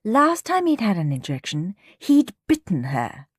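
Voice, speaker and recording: A woman narrating a children's storybook aloud in an expressive way, close to a studio mic. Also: medium pitch, measured pace, slightly rough, no echo. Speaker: audiobook narrator.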